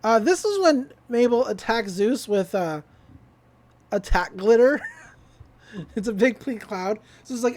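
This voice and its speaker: A woman's voice: on the high side, a little slow, long pauses. A woman casually recapping a cartoon episode, acting out the characters' lines with frequent laughs. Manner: animated retelling, acts out quotes, laughs often.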